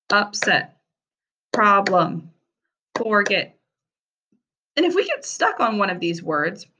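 A woman teacher giving a recorded reading lesson for young children, sounding out words slowly and clearly. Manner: slow, clear, sounding out words with animated pitch.

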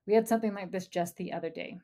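A woman's voice: on the low side, steady tone, fast, mellow. A woman parenting coach talks through her advice on a podcast. She is encouraging and personal, and she speaks to the listener as a friend.

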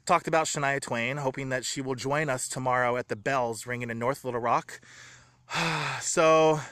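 A man vlogging from home, talking in an earnest, rambling, grateful way, excited and a little shaky. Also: medium pitch, moderate pace, no room sound. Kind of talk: emotional personal vlog.

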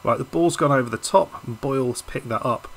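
A YouTube gaming host talks casually over a football management video game, sounding frustrated and hesitant and often restarting his sentences. His voice is medium in pitch and fairly quick. The audio is poor, with a little hiss or hum.

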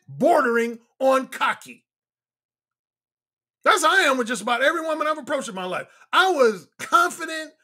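Male dating coach, husky tone, very animated pitch, cocky monologue style. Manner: boastful, emphatic, repeats lines for effect. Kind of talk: casual monologue to viewers.

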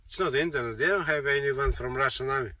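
Insistent man with a sharp, bright voice. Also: mid-range voice, fast talker. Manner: insistent, repetitive, circling back over points. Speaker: speaker giving a monologue. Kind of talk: rambling monologue. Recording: distant mic with faint noise.

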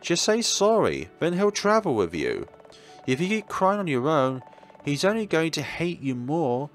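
A man's voice: fairly high pitch, big pitch swings, a little slow, soft background music, voice pushed up. Bibi, a man putting on a chirpy little girl. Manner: bubbly, chirpy. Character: cheerful bossy little girl.

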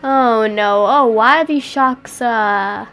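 High, excitable woman playing a game. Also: slow pace. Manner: excitable, cries out and exclaims. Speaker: gameplay commentator. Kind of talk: casual game commentary.

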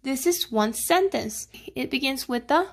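A woman's voice: high voice, animated. A woman teacher, patiently walking children through a grammar lesson and checking in with them often. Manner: slow, patient, checking in with "okay?" and "right?".

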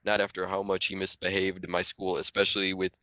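A man's voice: sits low, completely flat delivery, fast talker, bright, forceful tone, no echo, studio quality. A man voicing a stern, mean old male wizard headmaster in a fan reading, grumbling and dismissive.

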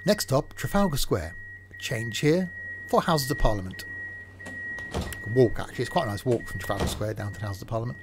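A man's voice: medium pitch, lively intonation, fairly quick, long pauses. A man streaming a game, chatting casually and joking while narrating his own driving. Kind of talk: casual gameplay commentary. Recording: game vehicle noise in background.

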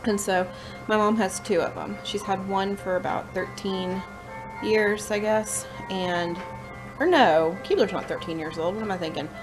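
A woman's voice: mid-range voice, normal speed, over music, low-quality recording. A mother vlogging casually, coaxing her baby in a playful sing-song voice. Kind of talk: casual vlog chat and baby talk.

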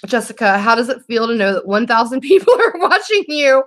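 A woman's voice: on the high side, very animated, brisk. A woman, chatting casually on a beauty livestream, emotional and grateful while reading viewers' comments. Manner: emotional, grateful, tearful at times. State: teary.

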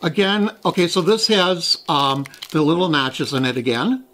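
Guy hosting a snack taste test vlog, kinda high voice, rambly and chatty, makes fun of himself. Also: moderate pace, pushed and bright, a little hiss or hum. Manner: chatty, rambling, self-deprecating. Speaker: host.

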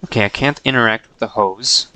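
A man's voice: fairly low pitch, a little fast, pushed and bright, dry recording, rough recording. A man casually chatting to himself while streaming a game, playful and chuckling.

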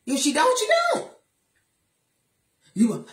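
A woman giving a lively motivational talk, telling personal stories and acting out the voices of the people in them. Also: high voice, takes it slowly, roomy sound. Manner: lively storytelling, acts out voices, preachy asides. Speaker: motivational speaker.

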